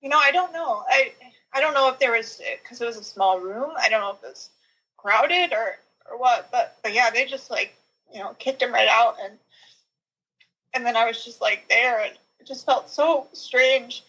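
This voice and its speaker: A woman's voice: on the high side, moderate pace, sharp tone, low-quality recording. A young woman guest on a podcast telling her own birth story, rambling with lots of filler words and small nervous laughs. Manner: rambling, heavy use of "like" and "you know", nervous little laughs. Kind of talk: personal birth story in conversation.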